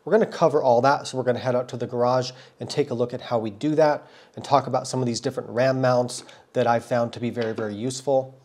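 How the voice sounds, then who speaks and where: A man's voice: medium pitch, steady tone, quick pace, hardly any pauses, a little mellow. A man with a cold, hosting his own motorcycle vlog and giving a friendly, thorough explanation of how he films, often doubling words for stress. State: has a cold. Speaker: motorcycle vlogger. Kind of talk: casual explanatory vlog talk.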